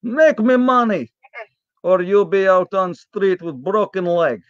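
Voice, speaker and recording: A man voicing a gruff Eastern European restaurant owner who talks in blunt broken English, over muffled call audio. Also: sits high, drawn-out words, bright, forceful tone, no room sound, full character voice. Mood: menacing.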